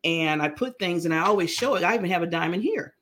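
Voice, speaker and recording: A middle-aged woman talking casually as an interview guest, animated and laughing often. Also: lowish voice, fast, slight background noise. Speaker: guest, brand founder.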